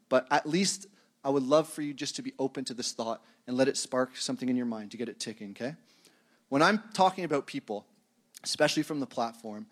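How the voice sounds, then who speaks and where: Conversational pastor, a man preaching. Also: fairly high pitch. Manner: conversational and self-deprecating, chuckles at his own tangents. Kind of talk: sermon.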